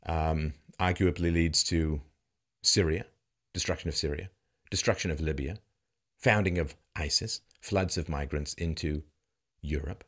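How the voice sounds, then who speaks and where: A male commentary host giving an emphatic, sarcastic monologue full of rhetorical questions and chuckles, dropping from loud mocking peaks to low, grave tones. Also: fairly even intonation, measured pace. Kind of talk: commentary monologue reacting to a news segment.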